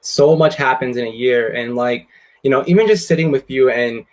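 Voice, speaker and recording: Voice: medium pitch, moderate pace. A young co-host in a casual live stream chat, speaking in an earnest, encouraging, motivational way.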